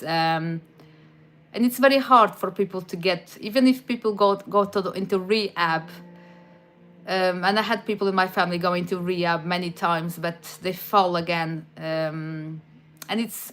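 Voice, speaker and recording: A woman's voice: fairly low pitch, fairly bright tone. A woman from Madeira with a Portuguese accent, chatting casually on a stream and answering viewers' questions, with frequent restarts. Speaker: livestream host answering chat. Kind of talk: casual chat.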